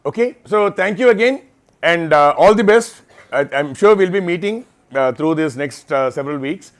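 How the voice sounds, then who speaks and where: A man's voice: on the high side, expressive, moderate pace. A man, giving an informal talk to interns at an onboarding session, explaining things patiently and often checking in with "right?". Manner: explanatory, frequent "right?" tag questions. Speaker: program lead addressing interns. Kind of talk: informal presentation with Q&A. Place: auditorium or lecture hall.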